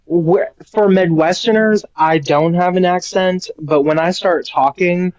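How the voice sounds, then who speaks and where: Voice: mid-range voice, steady tone, unhurried, darkish tone, no room sound. Easygoing caller with a Missouri accent, dry, dull lo-fi audio. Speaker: guest on a call-in show. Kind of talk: casual conversation.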